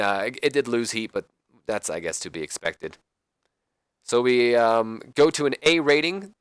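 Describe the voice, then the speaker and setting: A man's voice: lowish voice, fairly bright tone, smooth, no room sound. A young man hosting a let's play, commenting casually in a rambling, hesitant way. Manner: rambling, hesitant, many fillers.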